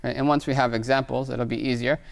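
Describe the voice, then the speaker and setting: A man's voice: mid-range voice, level tone, fast talker, creaky. A man teaching an Arabic grammar lesson, explaining patiently and reading Arabic examples aloud, often checking in with "right?". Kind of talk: recorded online lesson.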